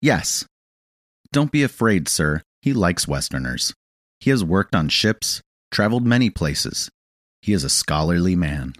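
A man's voice: low voice, sing-song, unhurried, a bit bright, dry recording, clean studio sound, exaggerated voice. A man voicing a polite young woman guiding a boat, formal and deferential, calling the listener sir. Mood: reassuring.

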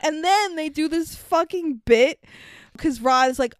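This woman, who has a high-pitched voice, co-hosts a podcast and talks at a normal speed with no echo. In casual chat, she riffs sarcastically on a bad movie, swearing freely and laughing often.

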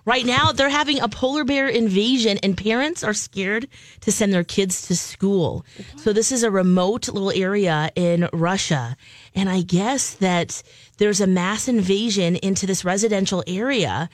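A woman's voice: mid-range voice, normal speed, no echo. A woman co-hosting a morning radio show, telling a news story in a chatty way. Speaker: radio co-host reading news stories. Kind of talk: casual news chat.

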